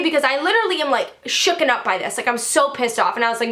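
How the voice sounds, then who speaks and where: A teenage girl vlogger telling a storytime rant, animated, heated and full of profanity. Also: high-pitched, fast talker. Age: teens.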